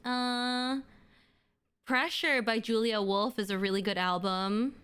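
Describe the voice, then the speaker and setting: Young woman streamer, bubbly and gushing, higher pitched, smooth clear tone. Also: steady tone, takes it slowly, a bit bright. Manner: bubbly, gushing, filler-heavy. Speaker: livestreamer. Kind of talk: casual stream chat with viewers.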